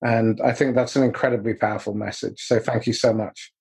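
Husky-voiced male podcast host. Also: medium pitch, steady tone, a little fast, darkish tone. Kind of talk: casual interview chat.

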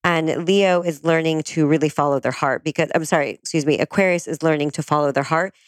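A woman explaining astrology in a calm, conversational way, often agreeing with her guest. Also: low voice, brisk, no echo.

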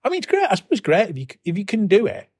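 A man's voice: high-pitched, huge pitch swings, racing, darkish tone, slightly rough. A man co-hosting a gaming podcast, chatting casually and often ending his points with tag questions. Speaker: podcast co-host. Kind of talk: casual chat.

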